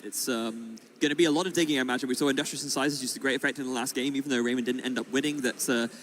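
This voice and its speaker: A man giving color commentary on a live card game match, quick to react, with many fillers and laughs. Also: mid-range voice, steady tone, a bit bright.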